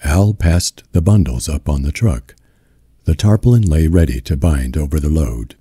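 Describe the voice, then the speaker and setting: A man narrates an audiobook in a slow, soothing manner close to the mic. His voice is extremely deep, dark and husky, with a lively rise and fall. The sound is dry with no room around it. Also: dry recording. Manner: slow, soothing ASMR delivery.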